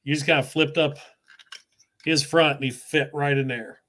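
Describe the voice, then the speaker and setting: A man who reviews toys, talking eagerly in a relaxed live chat. His voice sits slightly high for a man. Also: normal speed. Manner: enthusiastic, explaining toys. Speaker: toy reviewer and host.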